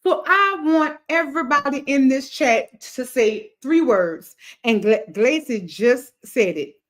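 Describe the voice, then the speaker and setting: A woman's voice: high voice, lively intonation, takes it slowly. Emphatic woman hosting a live stream. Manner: emphatic, repetitive, preacher-like cadence. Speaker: livestream host. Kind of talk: motivational livestream talk.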